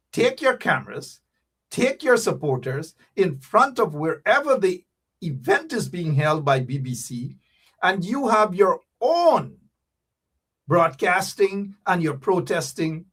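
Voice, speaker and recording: A man hosting a livestream talk show, his voice slightly husky and pitched a little high. He swings up and down as he talks, teasing and calling out to viewers. His delivery is animated and direct. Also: slow pace.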